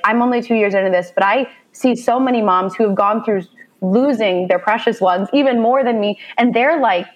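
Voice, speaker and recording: Speaking in a mid-range voice, a woman from Indiana in her 30s appears as an interview guest and talks emotionally about being the mother of a child with special needs. She is sincere throughout and grows animated when quoting herself. The recording sounds muffled.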